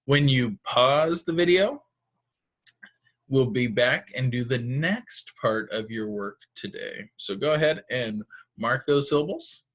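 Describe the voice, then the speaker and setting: A man's voice: medium pitch, animated, slow, fairly bright tone. A man teaching a phonics lesson to second graders, giving patient, step-by-step instructions.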